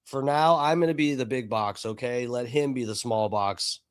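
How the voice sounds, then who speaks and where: Talking to his viewers during a live stream, a man chats casually and swears freely. His medium-pitched voice is clear and resonant, and he speaks at a normal speed.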